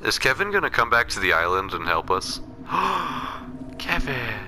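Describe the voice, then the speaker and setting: Young male gamer, lowish bright voice, playful excitable commentary. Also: fast, slight background noise. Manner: excitable, playful, talks to game characters. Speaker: gaming commentator. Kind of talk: casual gameplay commentary.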